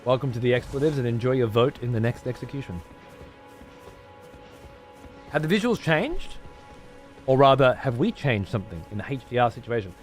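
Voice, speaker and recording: A man's voice: medium pitch, big pitch swings, normal speed, long pauses, faint music behind. A man streaming a game live, rambling, swearing a lot and chatting to his viewers. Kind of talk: live gameplay commentary.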